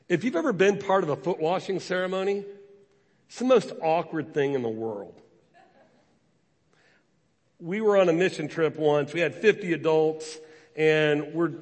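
A man preaching a sermon as a pastor, telling stories with acted quotes. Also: a little high. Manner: storytelling with acted quotes, animated. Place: church sanctuary. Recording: long reverb of a large hall.

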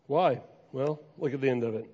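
A man's voice: mid-range voice, normal speed, warm tone, highs cut off. A man preaching a sermon as pastor, speaking earnestly and conversationally, repeating key phrases to urge his listeners on. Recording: long reverb from a large hall.

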